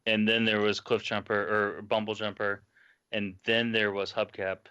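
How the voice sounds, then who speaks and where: A man's voice: on the low side, flat delivery, moderate pace, pushed and bright, clear, resonant tone. A man co-hosting a podcast, chatting casually with crude, swearing banter. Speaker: podcast co-host. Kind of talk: casual chat. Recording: dull lo-fi podcast audio.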